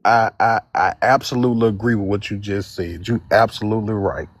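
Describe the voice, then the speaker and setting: A man, from Mississippi, speaking reflectively and haltingly in an online debate. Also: on the low side, steady tone. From Mississippi, USA. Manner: reflective, halting, repeats words. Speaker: debate participant. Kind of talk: personal testimony in an online debate.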